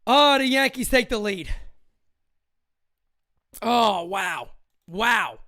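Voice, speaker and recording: An excitable young man with a bright, forceful voice hosts a fan livestream of a live game. He talks loud and fast, swears freely and laughs often. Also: sits high. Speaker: livestream host.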